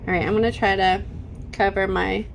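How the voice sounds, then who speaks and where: With slight background noise, a middle-aged vlogger talks briskly in a steady, mid-range voice with vocal fry. She's chatty and sassy with her viewers in an unscripted home vlog, voicing other people's lines in exaggerated tones.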